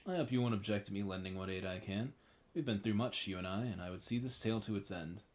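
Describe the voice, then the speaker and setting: A man voicing a loyal male warrior companion in a game, reading the lines in a rough folksy put-on accent. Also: fairly low pitch, fast talker, lightly acted. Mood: steady, loyal. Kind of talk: reading game dialogue aloud in character.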